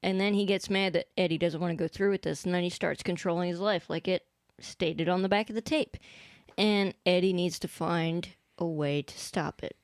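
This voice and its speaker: Female co-host; chatty plot recap with quick character voices, dry close mic. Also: lowish voice, no echo. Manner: animated retelling with quick quoted voices. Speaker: podcast co-host. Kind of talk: casual chat recapping a horror film.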